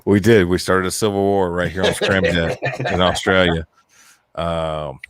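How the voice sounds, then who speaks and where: A man's voice: sits low, steady tone, normal speed, no echo, studio quality. A man co-hosting a casual live-stream chat, joking and cursing as he reads out viewer comments. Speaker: podcast co-host.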